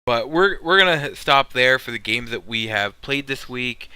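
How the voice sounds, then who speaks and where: A man hosting a casual gaming podcast, talking in an animated way and swinging his pitch up when telling stories. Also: moderate pace, clear, resonant tone, no echo, rough recording. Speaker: podcast host.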